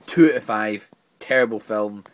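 A man's voice: lowish voice, normal speed. A man giving an exasperated, rambling film review full of stammered restarts. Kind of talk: casual video review.

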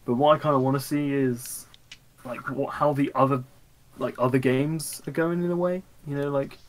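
A man's voice: medium pitch, steady tone, moderate pace, poor audio. Laid-back young man teasing his co-host. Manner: laid-back, teasing, trails off mid-thought. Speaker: anime review podcast co-host. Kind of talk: casual chat.

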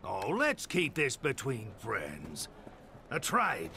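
A man's voice: medium pitch, huge pitch swings, slow, pushed and bright, slight background noise, heavily acted. An actor playing a sly, menacing male criminal mercenary who mocks and bargains in a game cutscene. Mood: sneering. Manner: mocking, gravelly, bargaining. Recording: game audio heard from the speakers.

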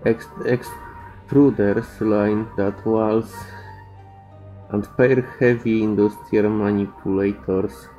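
Non-native male gamer reading game text aloud, slow and unsure, dark tone. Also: lowish voice, steady tone, faint music behind, low-quality recording. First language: not English. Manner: slow, hesitant with fillers and restarts. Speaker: game player reading dialogue.

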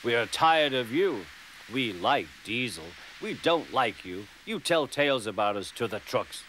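A man's voice: medium pitch, very animated, measured pace, a bit bright. Guy doing grumpy hissy cartoon engines, spiteful bunch. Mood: resentful. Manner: hissing, sulky. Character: grumpy big male steam engines, spiteful group.

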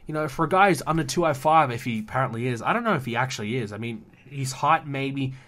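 A man's voice: mid-range voice, lively intonation, quick pace, a bit bright. Rambling, opinionated male podcast host. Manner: rambling and opinionated, frequent fillers and restarts; swears casually. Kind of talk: casual solo podcast commentary.

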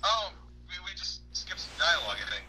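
A man's voice: sits high, sing-song, brisk, bright, forceful tone, slightly rough, poor audio. A man co-hosting a gameplay chat, giving short reactions and hesitant restarts. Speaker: let's play co-host.

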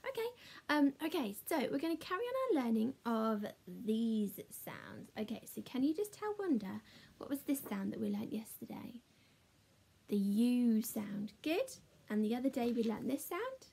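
A woman teacher leads a children's phonics lesson, drawing out each sound slowly in a sing-song, encouraging voice. Her tone is fairly high, with a gravelly edge and a husky, mellow timbre. She chats playfully with a puppet as she goes. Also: very animated. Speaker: primary school teacher.

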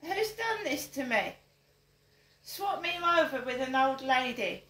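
Slow, emphatic older woman. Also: sits high, very animated, fairly bright tone, reverberant, rough recording. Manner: emphatic, repeats her points as rhetorical questions. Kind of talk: direct-to-camera monologue.

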